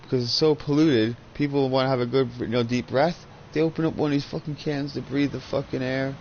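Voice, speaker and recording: A man's voice: mid-range voice, fairly even intonation, a little fast, highs cut off, a little hiss or hum. A man in his thirties chatting casually while gaming, a profane, rambling storyteller on a headset. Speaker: gaming channel host.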